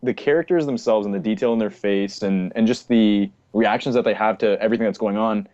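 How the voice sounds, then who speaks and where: A man with a somewhat low voice talks hesitantly on a gaming podcast, restarting his words. The audio is dull and lo-fi. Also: brisk, darkish tone. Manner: hesitant, repeats words as he searches. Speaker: podcast co-host. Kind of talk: casual gaming chat.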